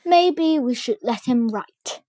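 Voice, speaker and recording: A woman's voice: high voice, lively intonation, slow pace, dark tone, dry recording, clean studio sound, heavily acted. A woman voicing a rowdy knight who is wary of more trouble. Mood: weary. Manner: sighing.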